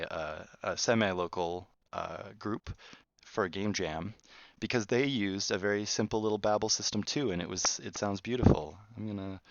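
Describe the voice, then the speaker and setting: A man's voice: on the low side, no room sound. A man, a game developer, explaining his work in a casual, rambling behind-the-scenes talk full of restarts. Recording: dull, muffled, dry sound.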